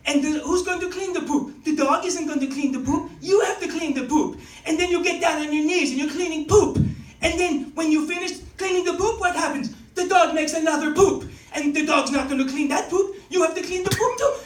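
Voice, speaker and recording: A man's voice: very high-pitched, brisk, far from the mic, pitched above the performer's own voice. A man voicing a blunt, scornful French Canadian woman with an emphatic, dismissive way of talking, in a stand-up impression. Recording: roomy club, mic heard from afar.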